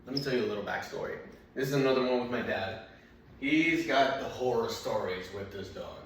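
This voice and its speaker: A man's voice: mid-range voice, a little fast. A man doing stand-up, telling rambling anecdotes full of fillers and restarts. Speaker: stand-up comedian. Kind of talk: stand-up storytelling. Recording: very echoey room, mic far off, faint noise.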